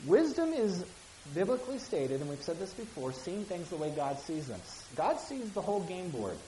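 Woman Bible teacher, lively and conversational, asks listeners questions; echoey room. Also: fairly low pitch, normal speed, a little hiss or hum. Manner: reads scripture aloud with acted voices, then explains casually; asks listeners questions and repeats key phrases.

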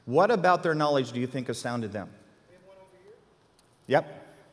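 A man teaching an interactive Bible class, animated and quizzing his listeners with questions. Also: medium pitch, a little slow, long reverb tail.

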